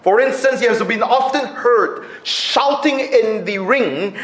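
A man's voice: very high voice, takes it slowly, hardly any pauses. A man preaching a sermon, acting out quotes with laughs. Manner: animated, acts out quotes with laughs. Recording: echoey room.

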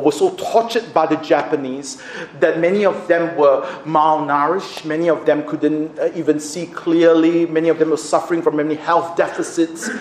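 A man preaching a sermon in an auditorium, swinging between loud emphasis and hushed, drawn-out phrases. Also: a little high. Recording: roomy echo, faint background noise.

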